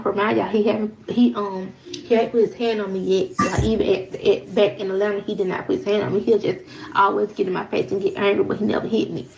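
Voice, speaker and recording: A woman's voice: medium pitch, level tone, fast, gravelly, darkish tone. A young woman telling a personal story in a casual, rambling way, using slang and repeating her phrases. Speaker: vlogger. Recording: noisy background hiss.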